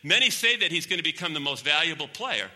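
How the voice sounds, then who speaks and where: Pastor guy preaching, high sharp voice, hammers phrases twice, big echoey hall. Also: sing-song, fast talker. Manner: emphatic, repeating key phrases. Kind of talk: sermon. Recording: long hall reverb.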